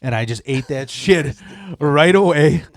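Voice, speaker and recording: A man's voice: a little high, a little slow, no room sound, studio quality. A man from the Chicago area telling crude work stories in casual talk, cursing often and restarting his sentences. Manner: profane, rambling with many restarts. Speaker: podcast guest. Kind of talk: casual storytelling.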